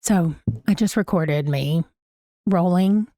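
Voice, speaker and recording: A woman's voice: fairly low pitch, slow, dark tone, no room sound, studio quality. A woman, chatting casually about her reading in a book vlog while sick and a little strained. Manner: chatty, gushing, Southern "y'all". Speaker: booktuber host. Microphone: desk microphone.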